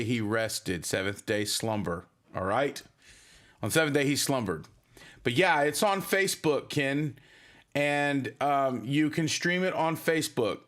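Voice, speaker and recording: A man's voice: medium pitch, fairly bright tone. A man hosting a casual livestream for his band, rambling and chatty as he reads viewer comments. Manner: rambling, chatty, many fillers.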